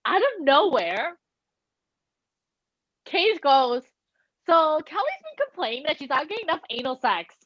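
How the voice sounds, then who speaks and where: A woman co-hosting a casual podcast, retelling a show with animated energy, swearing freely and acting out what people said. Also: sits high, unhurried, long pauses, no echo. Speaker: podcast co-host. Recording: dull lo-fi recording.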